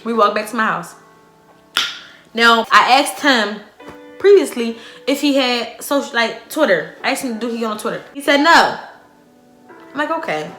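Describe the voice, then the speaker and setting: Young woman vlogger spilling a dramatic storytime, cussing a lot, bright voice, echoey room. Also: fairly high pitch, animated, moderate pace, long pauses, soft background music. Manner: profane, slangy. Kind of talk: casual storytime.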